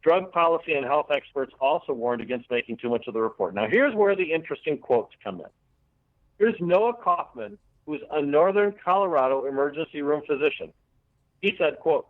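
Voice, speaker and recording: A man's voice: a little high, expressive, moderate pace, no echo. A man hosting a radio show who reads news items and quotes, adding sarcastic asides. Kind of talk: reading cannabis news. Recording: dry, tinny phone-like radio audio.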